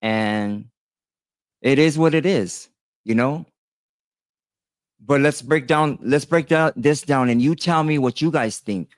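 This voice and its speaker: A man's voice: medium pitch, slow pace, long pauses, dry recording. A man in his thirties, a tattoo artist, telling a personal story in a casual, rambling monologue, full of fillers and restarts, talking straight to his viewers. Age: 30s.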